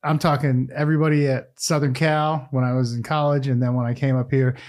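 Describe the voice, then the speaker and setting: A man in his forties from Massachusetts, a former football player, telling stories in a relaxed podcast chat, laughing often and swearing casually. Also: medium pitch, fairly quick.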